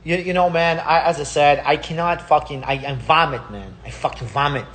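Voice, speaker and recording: A man's voice: on the high side, moderate pace, fairly bright tone. A man with Russian as his first language, giving a heated, profane casual monologue and repeating himself. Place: Palm Springs.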